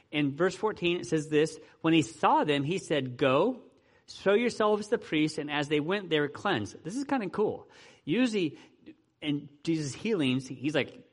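A fairly high-voiced man preaches in a relaxed, conversational way. He keeps checking in with his listeners through rhetorical questions and casual asides. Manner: asks the audience frequent rhetorical questions; informal, with fillers like "right" and "you know". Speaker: pastor. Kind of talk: conversational sermon.

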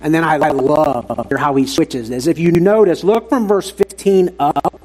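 Male preacher with a slightly raspy, higher voice, earnest and emphatic to his church. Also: unhurried, mellow, rough recording. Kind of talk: sermon.

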